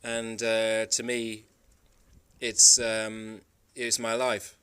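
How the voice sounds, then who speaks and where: A man's voice: on the low side, monotone, drawn-out words, sharp tone, smooth. A man from the Isle of Man telling travel stories in a rambling, emphatic monologue. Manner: rambling, emphatic storytelling with frequent restarts. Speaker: travel vlogger. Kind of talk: casual monologue.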